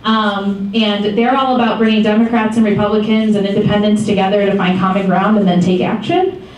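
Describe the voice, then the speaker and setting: A woman in her twenties from Michigan, giving a casual talk to a group as founder of a campaign, telling stories in a chatty, animated way with many ums and small laughs. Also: medium pitch, brisk. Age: 20s. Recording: echoey far-off room mic with faint noise.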